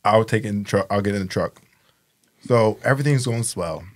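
A man's voice: on the low side, brisk. A man in casual podcast chat, recounting a story in a laid-back way. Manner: laid-back, laughs through his story. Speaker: podcast guest.

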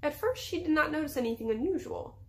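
A woman teacher reading a chapter book aloud to her class in steady storybook narration. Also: high-pitched, fast.

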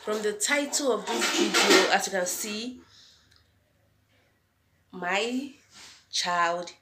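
A woman's voice: mid-range voice, slow. Young Nigerian woman vlogger, chatty and repetitive, echoey room with background noise. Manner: chatty, repeats phrases, addresses viewers as guys. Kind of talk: casual vlog chat to camera. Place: home.

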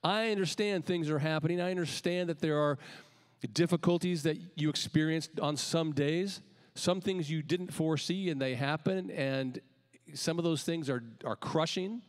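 A man preaching a sermon as pastor, calling out emphatic lines and then letting the ends drop quietly. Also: on the high side, normal speed, clear, resonant tone, long reverb tail. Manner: emphatic preaching with rising calls and quiet dropped endings. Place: church sanctuary.

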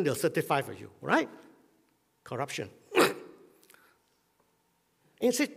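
A husky-voiced male pastor preaching, his pitch rising and falling freely as he tells a personal story. He keeps stopping to clear his throat. The sound carries a long reverb from a church hall. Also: very animated, a little slow, pauses often, a bit bright. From Malaysia.

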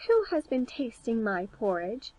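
A woman voicing seven little dwarf men in a storybook reading, speaking in high, excited exclamations. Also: measured pace, poor audio. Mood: puzzled.

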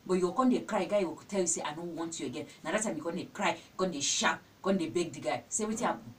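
Animated, scolding young Nigerian woman. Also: fast. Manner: animated, scolding, full of exclamations. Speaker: vlogger. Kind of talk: advice vlog. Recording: distant mic with faint rumble.

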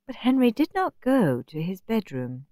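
A woman reading a children's storybook aloud, expressive and playful. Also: on the high side, moderate pace, dry recording, clean studio sound. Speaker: audiobook reader. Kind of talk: storybook narration. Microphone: close studio mic.

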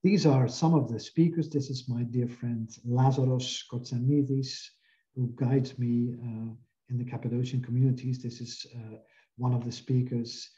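A man's voice: medium pitch, fairly even intonation, moderate pace, dark tone, highs cut off. A man giving an academic linguistics lecture, explaining slides step by step. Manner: explanatory, walking through slides. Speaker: linguistics professor.

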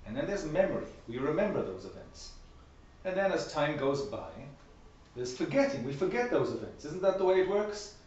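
A man's voice: a little high, sing-song, moderate pace, darkish tone, far from the mic. A man giving an academic workshop presentation in a seminar room, talking conversationally and posing rhetorical questions. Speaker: lecturer. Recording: very echoey, dull room recording.

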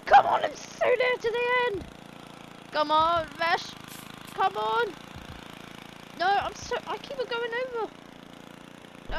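A woman with a high voice that leaps around wildly calls out her let's play commentary, excitable and chattering at the game. She talks slowly between bursts. Game sound effects and clear noise sit behind her. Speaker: gaming video host. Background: video game sound effects.

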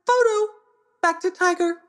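A woman's voice: very high voice, measured pace, pitched above the performer's own voice. A woman voicing a saucy, taunting male macaw that squawks short clipped phrases in a very parrot-like voice. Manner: squawky, clipped repeated words.

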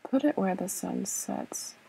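Slow, gravelly-voiced woman thinking aloud. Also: medium pitch, animated, mellow, poor audio. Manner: hesitant, self-doubting, many fillers and repeated okays. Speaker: let's play gamer. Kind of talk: thinking-aloud gameplay commentary.

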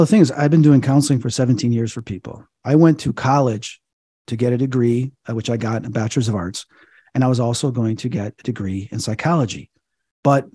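Guest medium, man, mellow husky voice, lively retelling with acted-out quotes. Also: medium pitch, dry recording, studio quality. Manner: animated, acts out dialogue in retelling. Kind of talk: interview storytelling.

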